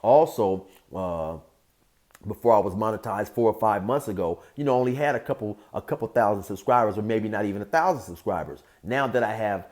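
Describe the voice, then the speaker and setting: A man's voice: lowish voice, expressive, brisk, a little mellow. A man telling a story casually as a YouTube storyteller, in a laid-back, streetwise way with lots of "you know".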